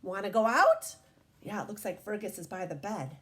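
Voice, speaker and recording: A woman's voice: mid-range voice, normal speed. A woman reading a picture book aloud to young children, asking them questions as she goes. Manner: warm, animated, questions to young listeners.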